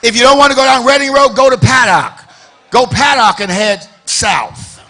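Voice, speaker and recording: High, bright-voiced preaching pastor. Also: male voice, moderate pace. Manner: rhetorical questions, repeats phrases, builds to shouted emphasis. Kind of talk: preaching a sermon. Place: church sanctuary.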